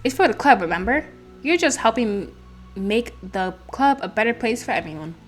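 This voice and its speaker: A woman doing a bright, upbeat club leader. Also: fairly high pitch, lively intonation, normal speed, faint music behind, lightly acted. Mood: reassuring. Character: confident, caring young club leader girl.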